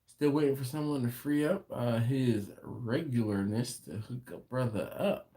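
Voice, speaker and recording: Warm and medium-pitched, this man speaks at a measured pace while hosting a barbecue channel's late-night livestream from his home. He chats casually, laughing easily as he reads out viewer comments.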